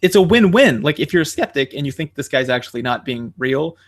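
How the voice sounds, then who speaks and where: A man co-hosting a podcast in casual chat, rambling with many fillers and animated quoting. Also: on the high side, a little fast. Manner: animated, jumps into quoting others. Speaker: podcast co-host.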